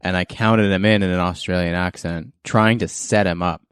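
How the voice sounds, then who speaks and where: A man's voice: sits low, fairly even intonation, normal speed, clean tone, no room sound, clean studio sound. Laid-back joking male podcast host. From Canada. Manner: laid-back, jokey, laughs often. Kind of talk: casual chat.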